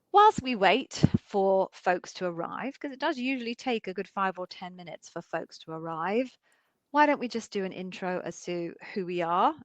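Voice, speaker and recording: A woman's voice: fairly low pitch, no echo. Chatty woman hosting a live stream. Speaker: co-founder and live stream host.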